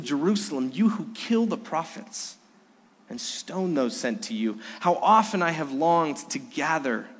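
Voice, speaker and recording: A middle-aged man preaching a Sunday sermon, earnest and dynamic. His voice sits a little high and rises in emphasis, then drops to a hush. The sanctuary gives it a long, ringing reverb. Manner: earnest, swings from loud to hushed. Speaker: pastor. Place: church sanctuary during a worship service.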